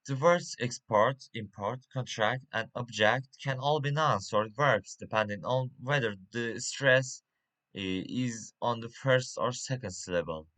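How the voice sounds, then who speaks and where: Slow, halting man teaching word stress. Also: medium pitch, fairly bright tone. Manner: halting, with many uhs and restarts. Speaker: English teacher. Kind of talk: reading a pronunciation lesson.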